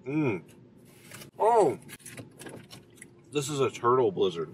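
A man's voice: medium pitch, very animated, slow. A man in his thirties, a dad hosting a casual family vlog from a car, chatty and upbeat. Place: inside a car at drive-thrus. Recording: slightly distant camera mic, faint car noise.

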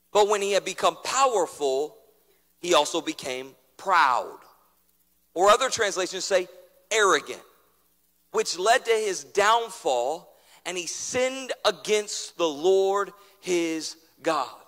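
A man preaching a sermon as pastor, building through repeated refrains and dropping suddenly to a hush. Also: sits high, sing-song, measured pace, big-room sound.

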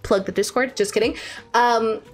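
A woman live streamer chatting casually with her viewers, bubbly and slangy, swinging between excited squeals and low mumbles. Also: normal speed.

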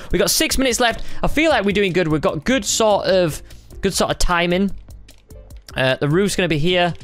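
A young man talks through a timed build in a chatty, excitable gaming commentary, thinking aloud as he goes. His voice sits a little high and sounds smooth and clear on a close desk mic. Soft music plays faintly behind him. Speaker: gaming YouTuber. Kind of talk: casual gameplay commentary.

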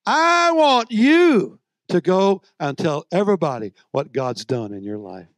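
Man, preaching, high voice, hushed lows to shouted peaks, dry close sound. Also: sing-song, a little slow, no echo. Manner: swings from soft low storytelling to loud shouted exhortation. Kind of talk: sermon.

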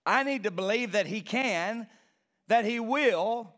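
Slow-preaching high-voiced male pastor. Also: a bit bright. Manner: passionate, repetitive preaching with rising emphasis. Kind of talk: sermon. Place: church sanctuary.

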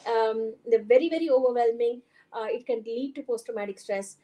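A woman's voice: a little high, fairly quick, mellow. Indian woman doctor lecturing conversationally. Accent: Indian English. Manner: conversational, frequent fillers, mixes Hindi phrases. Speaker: doctor giving a conference talk. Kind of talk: lecture presentation. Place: conference hall.

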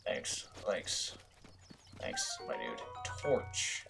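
A man's voice: low-pitched, wildly swooping pitch, drawn-out words, gravelly, music in the background. A young man giving casual, self-mocking gameplay commentary, swearing often. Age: young adult. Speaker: gaming video host.

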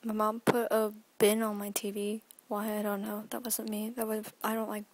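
A woman's voice: medium pitch, monotone, normal speed, no room sound, low-quality recording. A young woman in her teens chatting in a rambling daily vlog from her bedroom, often dropping into a whisper, filmed on a phone held at arm's length. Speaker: vlogger.

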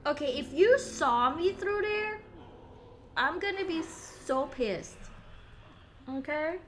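High-voiced woman chatting while gaming. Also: lively intonation, slow, a bit bright, slight background noise. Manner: chatty, giggly, swears when startled. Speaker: game streamer. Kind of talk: casual live gameplay chat.

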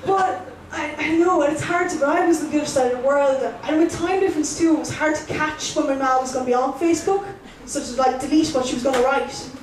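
A young Irish woman with a high voice runs through a chatty, self-mocking stand-up set and banters with the audience. She is picked up from a distance in a roomy club, so her voice carries a live echo. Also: fast, few pauses, a crowd in the background. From Ireland. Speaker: stand-up comedian. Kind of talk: stand-up routine. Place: comedy club stage.

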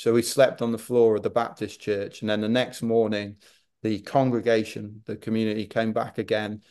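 A Welsh man, a podcast guest, telling a story in a chatty, animated way during a casual interview. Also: fairly low pitch, normal speed. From Wales.

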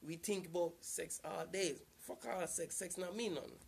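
A man's voice: high voice, steady tone, normal speed, vocal fry, husky. A man giving casual relationship advice to the camera, earnest and repetitive, circling back to the same points.

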